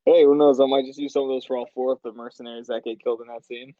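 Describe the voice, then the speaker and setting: A man's voice: medium pitch, flat delivery, rapid-fire, no room sound. Rambling man directing over a dull line. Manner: rambling, laughing as he explains scenes. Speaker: machinima director and writer. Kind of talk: casual directing chat.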